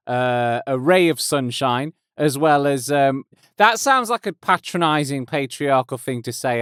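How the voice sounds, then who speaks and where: Male metal podcast host in his 30s, smooth clear voice, rambly and self-deprecating. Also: medium pitch, dry recording, clean studio sound. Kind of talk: casual podcast intro. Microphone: close studio mic.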